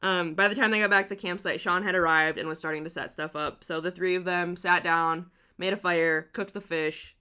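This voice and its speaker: Bright-voiced woman telling a crime story. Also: on the low side, steady tone, a little fast, hardly any pauses, clear, resonant tone. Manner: laughs often, swears freely, loose storytelling. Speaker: podcast host telling a true crime story. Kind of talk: casual storytelling chat.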